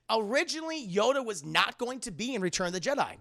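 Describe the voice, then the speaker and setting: A young man casually reviewing a film on a live stream, animated, chatty and profane. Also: very high-pitched, very fast, creaky, hardly any pauses.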